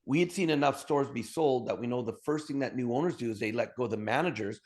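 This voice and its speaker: A man from Alberta, a podcast guest telling his story with high energy and humor and acting out bits of dialogue. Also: fast, a little mellow. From Alberta, Canada. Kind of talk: storytelling interview talk.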